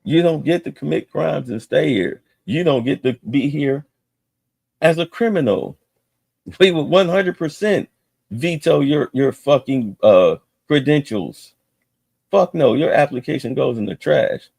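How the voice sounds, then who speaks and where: A man's voice: fairly high pitch, lively intonation, measured pace, gravelly, darkish tone, husky, no echo, studio quality. A man streaming heated, profane political commentary with a mocking edge.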